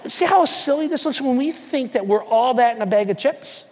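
A man preaching a sermon to a church, emphatic and repetitive, sinking into soft prayer. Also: extremely high pitch, lively intonation, normal speed, few pauses, big-room sound. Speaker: pastor. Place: church hall.

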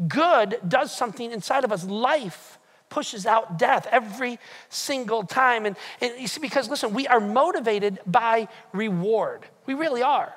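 A man's voice: very high-pitched, expressive, a little slow, a bit bright. A man preaching a sermon as pastor, emphatic and repetitive, pushing his points again and again with rising and falling force. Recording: long hall reverb.

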